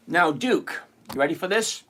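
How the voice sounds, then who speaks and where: There's a little hiss or hum behind this middle-aged man's fairly high voice as he takes chat questions on his covered-call trading livestream. Brash and lively, he teases the audience and calls out their chat names.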